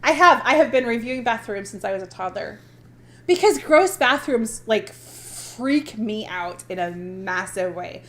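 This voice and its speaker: Podcast co-host lady, high bouncy voice, laughs a lot, kinda ranty. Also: measured pace. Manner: animated, laughing, self-described passive aggressive. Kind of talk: casual chat.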